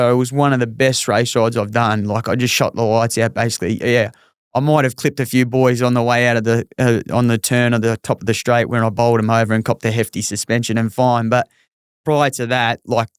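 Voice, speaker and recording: Australian male jockey guest, chatty yarn-spinner, smooth tone, mid pitch. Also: dry recording, clean studio sound. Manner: animated, spins a story with lots of restarts. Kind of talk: casual storytelling chat.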